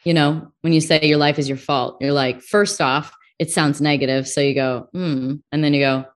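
A woman's voice: deep voice, steady tone, moderate pace. A woman interviewer talking casually and reflectively with her guest. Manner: reflective, encouraging. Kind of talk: casual conversation.

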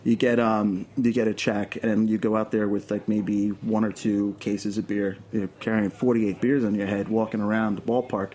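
A man's voice: lowish voice, level tone, moderate pace, hardly any pauses, darkish tone. A man from Queens with a New York accent, a filmmaker guest rambling with many restarts in casual radio chat. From Queens, New York City.

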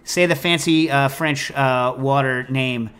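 A man hosting a podcast in casual chat, talking in an animated, rambling, jokey way. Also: medium pitch, measured pace, smooth, faint music behind. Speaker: podcast host.

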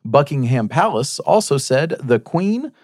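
With studio-quality sound and no room echo, a man with a mid-range, slightly mellow voice speaks at a measured pace with big pitch swings. He hosts a faith-based news talk show, reading stories aloud and chatting with his co-hosts.

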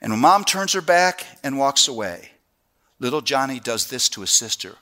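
A middle-aged man preaching a sermon, telling family stories in a lively way and then dropping to a hushed, earnest tone. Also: medium pitch, normal speed. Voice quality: animated storyteller who drops to a hushed, earnest tone.

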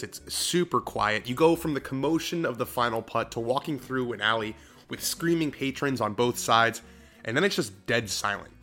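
A man hosting the show reads scripted narration. His delivery is smooth and measured, with a mid-range pitch. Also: pushed and bright. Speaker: host and narrator.

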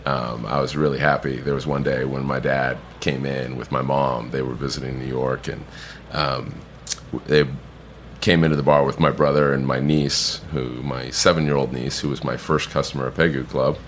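A man's voice: very deep voice, moderate pace, a little hiss or hum. A man, a bartender guest on a podcast, telling a rambling anecdote casually, swearing and acting out other people's lines. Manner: animated anecdote-teller, swears, acts out others' voices.

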